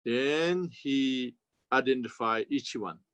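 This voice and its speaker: A man with a Tibetan accent, a Buddhist teacher giving a slow, halting dharma commentary in non-native English. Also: medium pitch, fairly bright tone, clean tone, no room sound. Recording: dull, lo-fi sound.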